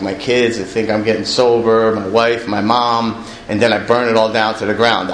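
A middle-aged man giving a candid, self-deprecating personal testimony about recovery, speaking plainly. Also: lowish voice. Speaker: recovering alcoholic sharing his story. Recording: echoey room with faint ambient noise.

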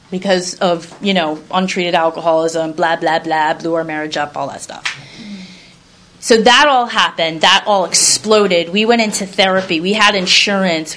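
Blunt, rambling woman telling her story. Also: mid-range voice. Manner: blunt, rambling, casually profane; animated storyteller. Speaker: recovery speaker sharing her story. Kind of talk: candid personal testimony.

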